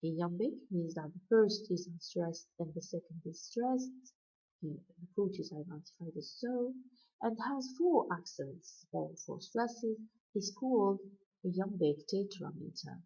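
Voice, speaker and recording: A woman's voice: lowish voice, expressive, unhurried, mellow, husky. A woman lecturer giving a methodical, step-by-step recorded video lecture. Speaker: literature lecturer. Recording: dull lo-fi recording.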